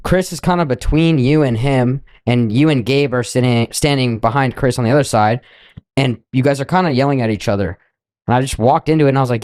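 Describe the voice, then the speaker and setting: A man's voice: medium pitch, brisk, a little mellow, clean tone, dry recording. A young man co-hosting a podcast, casually retelling a night out in a loose, profane way with quoted asides. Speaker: podcast co-host. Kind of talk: casual storytelling.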